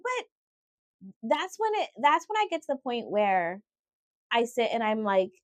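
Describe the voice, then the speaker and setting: A woman co-hosting a casual podcast, her higher voice swinging widely as she talks. She exclaims and acts out her own reactions with plenty of feeling. The recording is close and dry. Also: sing-song, a little slow, long pauses, no echo. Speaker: podcast co-host. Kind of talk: casual chat.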